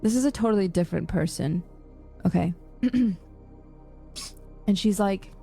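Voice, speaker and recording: Exasperated young woman streamer with gravelly voice. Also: medium pitch, normal speed, pauses often, soft background music. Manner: exasperated, animated retelling with quoted dialogue. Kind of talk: casual storytime rant to chat.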